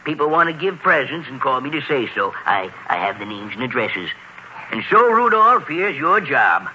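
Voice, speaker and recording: A man's voice: medium pitch, big pitch swings, moderate pace, sharp tone, muffled recording. A man playing a hearty, chuckling, kindly old Santa in a 1940s radio play. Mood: jolly. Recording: old radio recording, faint hiss.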